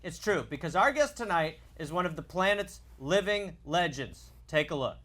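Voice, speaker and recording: A man's voice: fairly high pitch, animated, moderate pace, a bit bright. A man hosting a comedy talk show, bantering and introducing guests like a showman.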